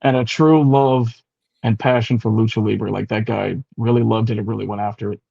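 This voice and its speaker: Gravelly laid-back man on a lo-fi call. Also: on the low side, steady tone, fairly quick, warm tone, dry recording. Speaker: guest luchador. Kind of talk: casual video call interview. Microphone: video call. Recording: dull lo-fi video call audio.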